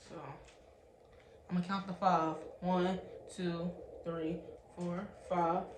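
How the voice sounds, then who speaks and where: Slow-talking young woman vlogger, echoey room. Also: fairly low pitch, level tone. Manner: chatty, keeps addressing viewers as "y'all". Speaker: beauty vlogger reviewing a product. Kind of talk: casual unboxing review. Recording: echoey room with faint background hiss.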